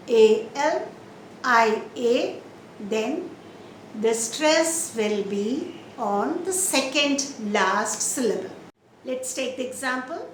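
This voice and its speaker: A woman teaching English pronunciation, explaining slowly and carefully and stretching out example words to show where the stress falls. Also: on the high side. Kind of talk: slow, deliberate classroom explanation. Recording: roomy echo, faint background noise.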